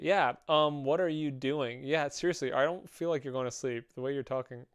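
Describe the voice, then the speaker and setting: Speaking fairly quickly in a clear, resonant mid-range voice, a young man jokes around with viewers as he draws on a live stream. He's relaxed, and the close mic catches his heavy breathing.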